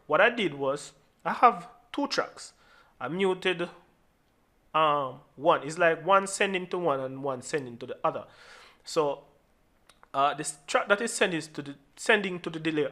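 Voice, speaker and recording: A man who produces music, explaining his mixing steps in a relaxed tutorial and often restarting and repeating words as he goes. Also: on the high side, unhurried. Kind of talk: screen-recorded tutorial walkthrough.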